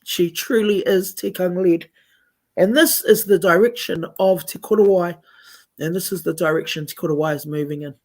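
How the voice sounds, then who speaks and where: A woman's voice: fairly low pitch, fairly even intonation, fairly quick, darkish tone. Brief: NZ woman, radio host, gushing and heartfelt, mixes Māori and English. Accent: New Zealand. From Taranaki, New Zealand. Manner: effusive, switches between Māori and English. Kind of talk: live community radio chat.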